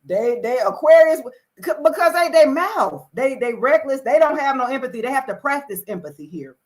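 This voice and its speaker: A woman hosting a casual live tarot reading, greeting viewers by name and swinging between loud exclamations and low asides. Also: expressive, moderate pace. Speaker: tarot reader hosting a livestream.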